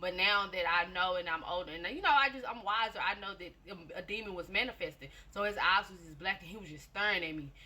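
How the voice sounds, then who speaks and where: Bright-voiced woman telling a personal testimony. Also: on the low side, fast talker, hardly any pauses. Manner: chatty storytelling, repeats phrases, addresses listeners directly. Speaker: testimony speaker.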